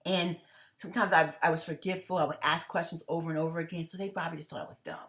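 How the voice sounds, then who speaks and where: A woman vlogging straight to her viewers in a casual monologue. She rambles with restarts and repeats, curses bluntly, and swings from loud laughing bursts to hushed tones. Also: low-pitched, steady tone, very fast. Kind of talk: casual direct-to-camera monologue.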